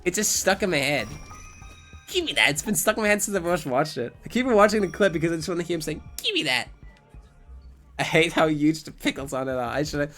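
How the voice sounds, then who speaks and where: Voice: medium pitch, fast talker, few pauses, fairly bright tone, faint music behind. A Twitch streamer giving casual live gameplay commentary, rambling and joking with plenty of swearing.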